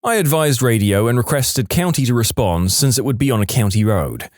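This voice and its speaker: A man narrates reader-submitted stories for a podcast, close on a studio mic. His pitch swings widely as he tells each one, in a lively storyteller style. The sound is dry, with no room around it. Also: a little fast, no room sound.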